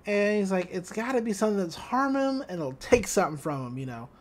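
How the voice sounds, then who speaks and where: Giggly woman retelling a cartoon episode. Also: medium pitch. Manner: giggly, animated retelling with quick voices for quotes. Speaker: podcast co-host. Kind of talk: casual episode recap.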